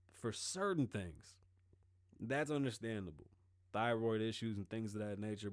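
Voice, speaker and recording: A man hosting a podcast, talking casually and swearing freely as he tells stories in an animated way. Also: on the low side, no room sound, clean studio sound. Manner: profane, animated storytelling. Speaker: podcast host.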